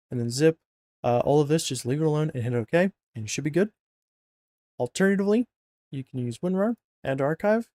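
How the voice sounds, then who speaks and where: A man's voice: fairly high pitch, warm tone, no room sound. Casual rambling man, dry close voice. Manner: rambling, informal, jokey with filler and self-corrections. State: yawning, sleepy. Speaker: mod install tutorial narrator. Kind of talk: casual screen-recorded tutorial.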